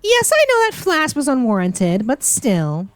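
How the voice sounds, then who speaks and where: A woman's voice: high voice, huge pitch swings, unhurried, smooth, dry recording. A young woman playing through a game with playful, theatrical, teasing commentary. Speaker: gaming streamer. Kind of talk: let's play commentary.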